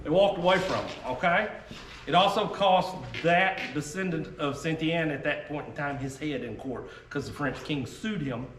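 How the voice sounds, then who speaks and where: Talking to reenactors about muskets, this Southern-accented man has a slightly high, fairly bright voice and a moderate pace. His manner is folksy and casual, and he often tags on "okay?" to check in. Sound comes from a faraway mic, echoey with a little noise.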